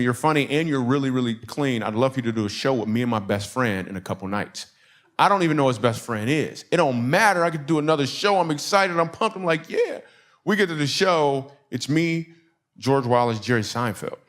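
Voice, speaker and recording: Man, middle-aged, comic storyteller, from Michigan, acts out dialogue, mid-pitched voice. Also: fairly quick. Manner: animated storyteller acting out dialogue, audience laughing. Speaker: comedian and speaker. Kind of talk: comedic storytelling message.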